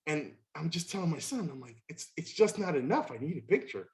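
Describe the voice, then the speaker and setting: Animated middle-aged man telling stories. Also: fairly quick. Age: 50s. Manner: animated, acts out quoted voices with big pitch jumps. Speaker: podcast host. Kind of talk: casual storytelling chat.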